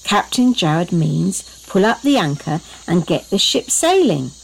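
A woman voicing a lively, kind mother in a bedtime story, speaking high and exclaiming. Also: measured pace, creaky, breathy edge, exaggerated voice, low-quality recording. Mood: explaining. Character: lively young mum, excitable and kind.

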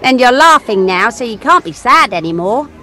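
A woman voicing a cheeky young girl in a children's audio story, bright, playful and sing-song. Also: on the high side, sing-song, normal speed, some chatter behind, slight background noise. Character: cheeky young girl who teases machines.

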